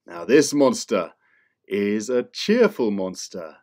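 Male English teacher telling kids a story; playful, exaggerated, slow and very lively. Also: mid-range voice. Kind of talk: reading a story to children.

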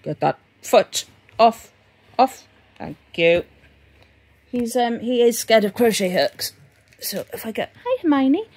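A woman's voice: fairly high pitch, lively intonation, slow, pauses often, a little mellow, breathy edge. A woman vlogging about crochet in a casual, rambling way, often talking sing-song to her dogs. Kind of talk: casual chat to camera.

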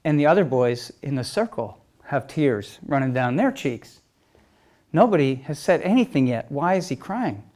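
A man's voice: a little high, big pitch swings, moderate pace, darkish tone. Man telling stories, checking in often. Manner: keeps checking in with "okay?" and "you know?"; re-enacts exchanges as quoted dialogue. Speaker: speaker telling stories to an audience. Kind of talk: conversational storytelling talk.

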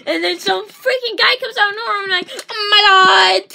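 Woman vlogger, very high bright voice, frustrated insulting rant. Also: fast, vocal fry. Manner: frustrated, insulting, swears mildly. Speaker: gaming vlogger. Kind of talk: angry rant to camera.

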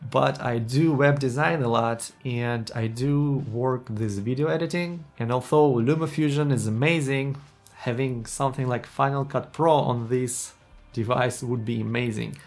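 A man in a casual tech vlog speaks to camera with earnest enthusiasm, his phrasing slightly non-native. His voice sits at an ordinary middle pitch. Faint guitar music plays quietly behind him. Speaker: tech YouTuber.

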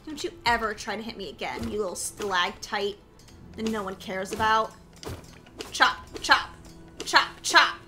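A woman's voice: mid-range voice, fairly even intonation, a little fast, bright, forceful tone, faint music behind. A woman streamer chatting playfully with her chat while gaming, goofy and self-mocking. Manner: playful, silly, talks to chat.

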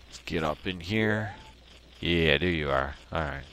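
A man with a deep, low voice gives casual video game commentary at home. His talk is chatty and relaxed, broken up by sudden excited yelps, and there is a faint hiss of noise behind him. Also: a little slow. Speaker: host.

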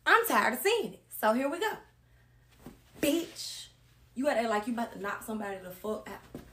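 A woman's voice: fairly high pitch, big pitch swings, normal speed, bright, forceful tone, echoey room, a little hiss or hum. A woman in a brash, profane, bossy rant, talking through a dance demonstration. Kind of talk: casual rant and dance demo.

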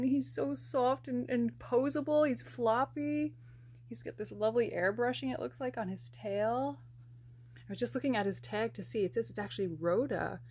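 Gushing, excitable young woman vlogger. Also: on the high side. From United States. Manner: gushing, excitable, many restarts and gasps. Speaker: plush collector and vlogger. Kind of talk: unboxing vlog.

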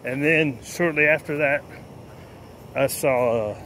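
A man's voice: mid-range voice, measured pace, fairly bright tone, a little hiss or hum. A man vlogging casually while he trains his dogs, telling stories between short, firm commands. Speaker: dog trainer. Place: outdoors with dogs.

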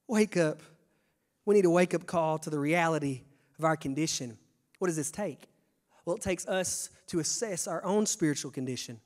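A young man preaching a sermon, stammering on restarts and swinging from hushed to shouting. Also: high voice. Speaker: pastor. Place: church sanctuary. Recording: long church reverb.

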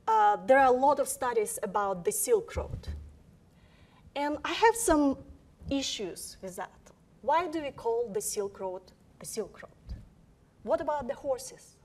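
A woman giving an academic lecture, speaking deliberately and emphatically, often posing rhetorical questions. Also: high voice.

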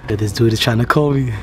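A man's voice: mid-range voice, background noise. A man in his late twenties, chatting casually in a prank vlog, laughing through his words in loose slangy talk. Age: late 20s. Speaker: vlogger pranking friends.

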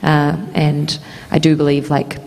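A woman's voice: low-pitched, completely flat delivery, measured pace, darkish tone. A woman with a New Zealand accent speaking casually as a guest on a convention panel, chatty and laughing often. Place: large convention hall. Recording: reverberant convention hall PA.

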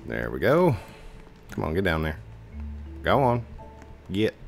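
Deep gravelly man playing a game. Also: wildly swooping pitch, takes it slowly, soft background music. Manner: playful, silly sound effects and sudden high yelps. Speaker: gaming YouTuber. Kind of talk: casual let's-play commentary.

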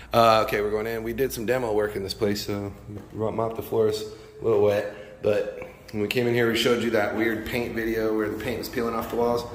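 A man's voice: fairly low pitch, flat delivery, moderate pace, slight background noise. A man casually filming a demolition job, touring the gutted rooms and joking as he goes. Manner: jokey, laughs often, exclaims loudly. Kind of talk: casual vlog walkthrough. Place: inside a gutted house. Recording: echoey empty room, faint ambience.

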